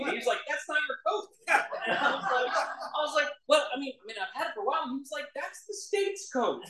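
A man's voice: mid-range voice, fairly bright tone. A man sharing his recovery story in a self-deprecating way, often laughing at himself. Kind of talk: personal storytelling talk. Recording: roomy echo.

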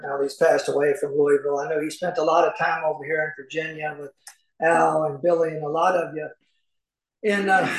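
An older man tells a personal story to an audience in a folksy, chatty way, laughing and dropping fillers as he goes. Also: on the high side. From Kentucky, USA. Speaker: recovery meeting speaker. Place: large meeting hall. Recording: echoey hall recording.

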